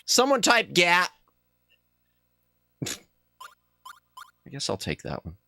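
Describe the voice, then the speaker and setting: A man streaming a game as a VTuber, chatting casually with viewers and reacting loudly to what happens on screen. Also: high-pitched, wildly swooping pitch, slow, vocal fry, slight background noise. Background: game music.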